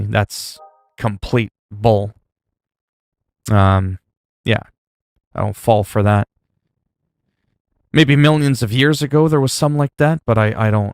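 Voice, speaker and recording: A man casually chatting with his stream audience, rambling with many fillers, and getting louder when he reacts in disgust. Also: creaky, dry recording, studio quality. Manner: gets loud and higher when reacting in disgust. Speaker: livestreamer.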